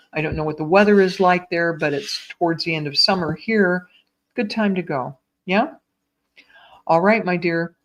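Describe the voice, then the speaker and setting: A woman psychic medium gives live readings over a stream, speaking in a soft and reassuring way to each viewer. Her voice sits a little low for a woman. The audio is a bit muffled, as from a computer mic on a live stream. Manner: gentle, reassuring, addresses viewers as sweetheart and my dear.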